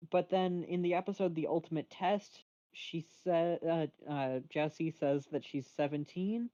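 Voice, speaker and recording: A young man trades deadpan jokes in a casual podcast chat. His mic sounds a little dull and lo-fi, and the sound is dry and close. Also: a little high, measured pace, clear, resonant tone, no echo. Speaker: podcast co-host.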